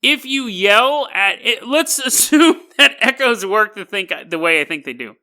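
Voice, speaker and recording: Bright, high-voiced jokey male podcaster. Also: lively intonation, unhurried. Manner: rambling, jokey, laughs often. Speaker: podcast host. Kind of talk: casual storytelling podcast.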